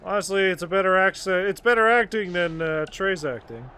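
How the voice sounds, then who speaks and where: A man's voice: sits high, brisk, bright, forceful tone, slight background noise. A young man streaming a wrestling video game, with sarcastic, muttering commentary. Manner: sarcastic, swearing, muttering asides. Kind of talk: casual gameplay commentary. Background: game music.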